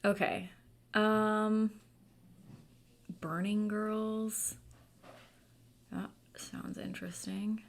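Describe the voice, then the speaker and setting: A woman chats casually on a book club livestream at her desk mic, stopping to read comments aloud. Her voice sits at a middling pitch with plenty of "um"s and "okay"s in between. The talk stays loose and informal. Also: level tone, very slow, pauses often. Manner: chatty, reads viewer comments aloud, many fillers.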